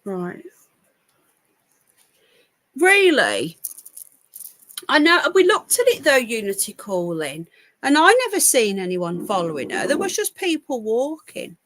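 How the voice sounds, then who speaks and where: Here the same UK livestream host's voice sits fairly high, sing-song and a bit bright, at a moderate pace. She's still cooing to her pets in baby talk on her casual stream.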